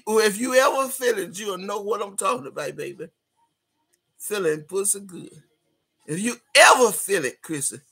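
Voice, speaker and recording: A man hosting a casual live stream, reading viewer comments aloud with loud, laughing, sassy banter. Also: high voice, gravelly, slightly rough.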